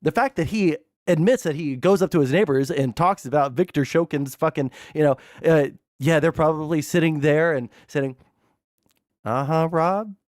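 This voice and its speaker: A man's voice: on the high side, normal speed, hardly any pauses, a little mellow, no echo, studio quality. A man streaming political commentary, ranting in a heated, profane way and laughing at himself between outbursts. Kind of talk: livestream commentary.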